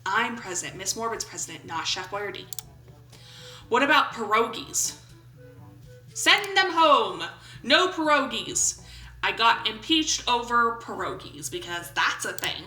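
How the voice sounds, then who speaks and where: A woman's voice: medium pitch, lively intonation, moderate pace, pushed and bright, roomy sound, faint music behind, rough recording. A woman of about twenty-seven, commenting on a game in a playful, goofy way and reading its questions aloud. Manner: playful, goofy, jokes and brief put-on voices. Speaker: gaming YouTuber.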